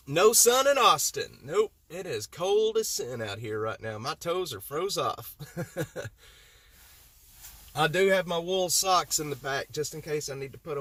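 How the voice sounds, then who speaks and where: Sitting in a vehicle, he livestreams and fires back at viewer comments, heated and repetitive, circling the same points. The recording is dry, and his higher-pitched voice sounds a bit bright.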